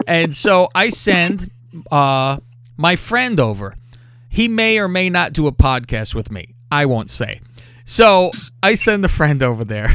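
A man hosting a podcast, telling crude stories with lots of swearing. His voice sits a little high and swings widely in pitch. The sound is dry and close, with no room echo. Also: unhurried, clean tone. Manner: profane, animated and full of swearing. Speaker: podcast host. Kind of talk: crude storytelling.

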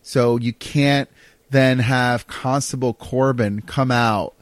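A man co-hosting a casual wrestling chat, excitable and animated, quick to laugh. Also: medium pitch, dry recording. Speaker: podcast co-host.

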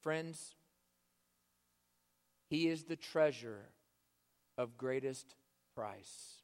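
A man preaching a sermon with passion, swinging from loud urging down to hushed, near-whispered lines. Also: medium pitch, extremely slow. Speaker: pastor. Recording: long hall reverb.

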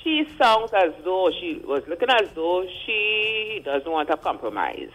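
A man calling in to a radio show, giving his opinions while he hunts for words. His voice is high for a man and swings widely in pitch. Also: big pitch swings, unhurried, a bit bright, faint music behind, poor audio. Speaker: caller. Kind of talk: call-in radio commentary.

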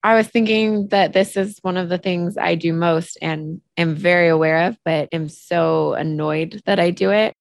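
A woman in casual chat, reflective and tentative, laughing softly. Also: lowish voice, steady tone, normal speed, gravelly, hardly any pauses, dry recording.

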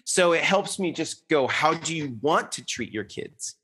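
A man's voice: a little high, expressive, measured pace, sharp tone, husky. A man in his thirties talking in an earnest, rambling way, full of restarts and fillers, as a guest in a reflective conversation.

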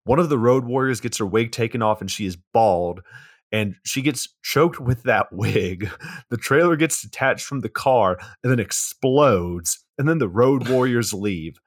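A man's voice: medium pitch, animated, a little slow, dry recording, studio quality. A man co-hosting a podcast, casually recapping a film plot, swearing freely and laughing mid-sentence. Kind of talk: casual movie recap chat.

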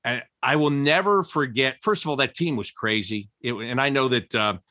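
A man telling old team stories in an interview, laughing often and jumping high in pitch when he quotes people. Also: normal speed, no room sound, studio quality. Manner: animated, laughing storyteller with big pitch jumps when quoting. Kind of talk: storytelling interview.

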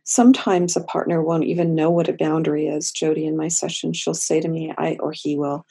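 Low, creaky-voiced woman therapist. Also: little pitch movement. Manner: slow, deliberate, gentle emphasis. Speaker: therapist and guest. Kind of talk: podcast interview.

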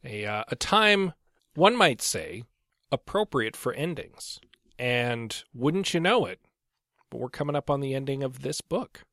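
A man co-hosting a casual book discussion podcast, talking in a wry, relaxed way with jokey segues. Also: medium pitch, measured pace, dry recording, clean studio sound. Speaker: podcast co-host.

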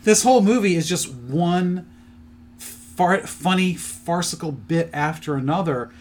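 A man's voice: a little high, expressive, measured pace. Rambling, chatty man retelling a plot. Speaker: podcast co-host presenting his picks. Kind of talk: casual chat.

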